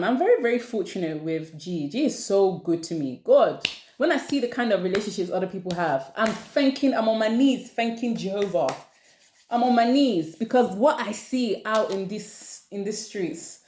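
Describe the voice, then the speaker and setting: A young woman vents in a casual chat, exasperated and animated. Her voice sits at an ordinary middle pitch. The room echoes around her. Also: moderate pace. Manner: exasperated, animated ranting with laughs. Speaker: channel host.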